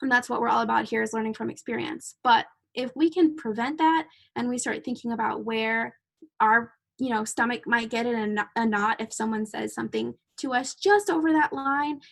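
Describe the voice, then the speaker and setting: A woman's voice: fairly high pitch, moderate pace, vocal fry, fairly bright tone. A woman host and clinician in a casual podcast conversation, a chatty storyteller who laughs easily.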